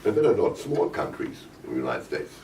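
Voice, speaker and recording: A visiting parliamentarian with a German accent gives press conference remarks in English in a conference room, hoarse and coughing, speaking haltingly with many fillers and restarts. His voice is rumbling and low, slightly mellow, with wildly swooping pitch. The roomy, distant-mic recording carries faint ambience and a little hiss or hum.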